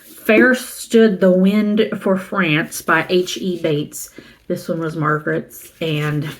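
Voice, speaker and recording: A middle-aged woman from the American South talks through her book haul in an unhurried, rambling way. Her voice sits a little low, and she stops to read titles aloud and add asides. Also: fairly even intonation. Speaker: booktuber showing a used book haul. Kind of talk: casual chat.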